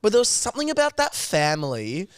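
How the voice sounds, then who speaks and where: Teasing Australian podcast guy, smooth voice. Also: high voice, huge pitch swings, fast, dry recording, clean studio sound. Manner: teasing, playful. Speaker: podcast co-host. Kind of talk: casual chat. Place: podcast studio.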